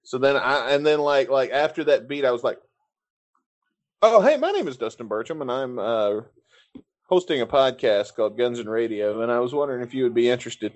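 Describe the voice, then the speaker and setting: A man's voice: mid-range voice, expressive, brisk, highs cut off. Profane, rambling male podcast host. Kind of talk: casual chat.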